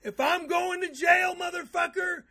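A man on a comedy show, frantic and profane, shouting insults. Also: extremely high pitch, a little slow.

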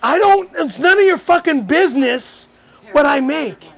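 Gravelly, irritable man. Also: very high-pitched, expressive, moderate pace, fairly bright tone. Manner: irritable, swearing, ordering people out.

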